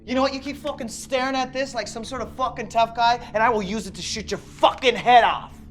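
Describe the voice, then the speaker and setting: An actor playing a volatile, profane male home invader in film dialogue, swinging between low muttering and shouted threats. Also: a little hiss or hum. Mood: threatening.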